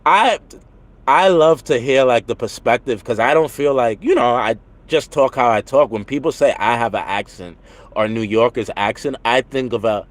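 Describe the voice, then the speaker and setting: A man's voice: mid-range voice, normal speed. A man with a New York accent chatting earnestly on a livestream while walking city streets. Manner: earnest, talkative, easy laughs. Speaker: livestream host. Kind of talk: casual livestream chat.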